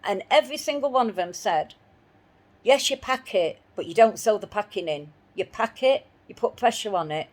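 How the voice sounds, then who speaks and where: A woman's voice: medium pitch, lively intonation, normal speed. A woman telling a personal story in an indignant voice, repeating herself as she replays her arguments. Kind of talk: spoken personal account.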